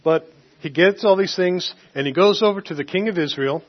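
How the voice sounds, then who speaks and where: A man's voice: high-pitched, normal speed. A man preaching a sermon, retelling a scripture story casually and acting out the quotes. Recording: dull lo-fi recording.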